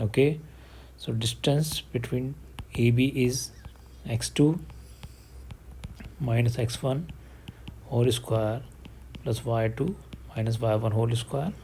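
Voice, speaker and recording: A man's voice: medium pitch, takes it slowly, pauses often, slight background noise. A man teaching a math lesson, talking through each step of a problem aloud. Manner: steady step-by-step explaining, working problems aloud. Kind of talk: online math lesson, mixing English and Hindi.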